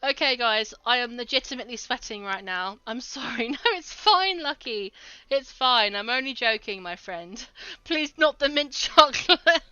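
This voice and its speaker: A woman's voice: a little high, expressive, normal speed, sharp tone, clear, resonant tone, no room sound, highs cut off. A woman streaming a game, chatting casually with her viewers and laughing often. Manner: giggly, chatty, talks to chat. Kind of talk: casual livestream commentary.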